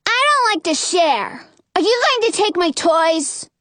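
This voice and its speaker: A woman doing a squeaky bratty little boy prince. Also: lively intonation, measured pace, no echo, full character voice. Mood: demanding. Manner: yelling, demanding.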